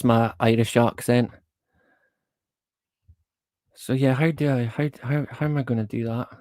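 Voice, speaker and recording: A man's voice: medium pitch, steady tone, unhurried, long pauses, a little mellow, no echo, studio quality. A man hosting a casual livestream, rambling in a laid-back way, chuckling often and swearing casually. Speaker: livestream host.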